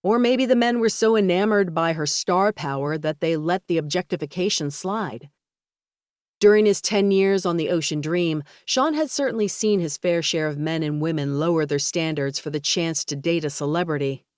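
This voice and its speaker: A woman reading a romance audiobook in a steady, even storytelling voice on a close studio mic. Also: lowish voice, moderate pace, clean tone, no room sound. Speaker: audiobook narrator. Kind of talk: scripted narration.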